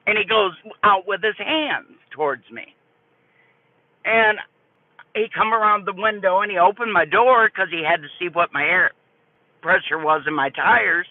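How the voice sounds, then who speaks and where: An older woman streaming live, telling a story to her chat in an animated, folksy way. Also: medium pitch, normal speed, dry recording. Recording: tinny phone-like dry audio.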